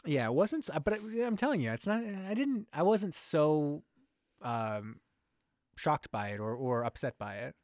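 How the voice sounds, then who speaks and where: A man's voice: on the high side, big pitch swings, a little slow, a little mellow, dry recording, studio quality. A man co-hosting a casual podcast recap of a movie, rambling and joking, acting out characters as he retells scenes. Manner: rambling, jokey, acts out characters in quotes. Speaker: podcast co-host.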